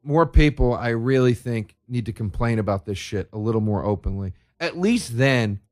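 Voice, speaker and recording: A man's voice: medium pitch, animated, normal speed, few pauses. A man on his comedy podcast, ranting sarcastically and profanely with big swings in energy. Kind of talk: solo comedic rant.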